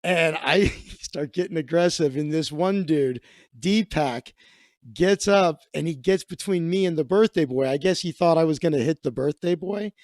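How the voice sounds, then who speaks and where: Animated male comedian telling a story in a high voice, close dry recording. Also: normal speed, no room sound. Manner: animated, acts out the voices of the people in his story.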